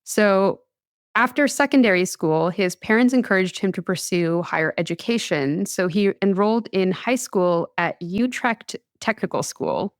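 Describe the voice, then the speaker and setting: Young American woman, casual podcast storyteller, smooth voice, dry close sound. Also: mid-range voice, lively intonation, normal speed, dry recording. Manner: chatty, laughs often, lots of "like". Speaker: podcast host telling a science history story.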